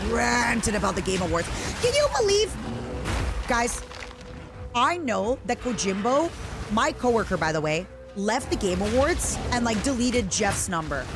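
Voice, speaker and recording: A woman streamer in casual chat, teasing and rambling playfully at a desk mic. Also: fairly high pitch.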